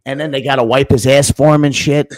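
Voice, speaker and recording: Speaking a little fast at a medium pitch, a man hosting a casual podcast swears freely through a story and performs the voices of everyone in it. The recording has no room sound.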